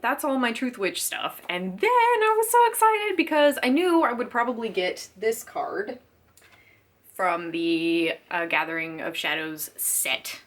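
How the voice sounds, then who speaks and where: Brief: woman book vlogger, chatty and giggly, very lively sing-song delivery. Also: fairly high pitch, unhurried. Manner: chatty and giggly, gushing fan excitement. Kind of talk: casual chat to camera.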